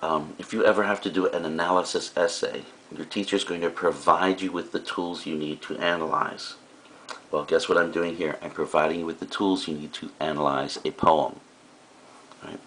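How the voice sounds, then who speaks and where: A man's voice: rumbling low, steady tone, normal speed, fairly bright tone, slight background noise. A male teacher giving a recorded lecture, explaining in a casual way with frequent fillers and asides.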